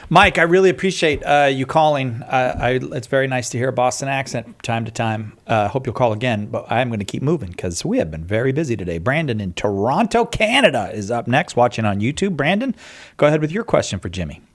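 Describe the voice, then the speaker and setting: A man hosting a call-in radio show, thanking callers and moving briskly to the next one. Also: mid-range voice, sing-song. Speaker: radio host.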